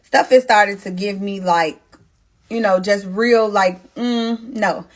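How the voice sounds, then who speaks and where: This is a young pregnant woman in a casual storytime, talking straight to her viewers. She is animated and blunt and swears freely. Her voice sits at a middle pitch for a woman. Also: slow pace. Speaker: storytime host.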